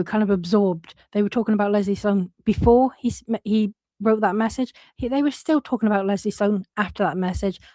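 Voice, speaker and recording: A woman's voice: mid-range voice, dark tone, no echo. A woman giving frank, casual commentary and swearing freely, often breaking off and restarting her sentences. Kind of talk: casual commentary reading out messages.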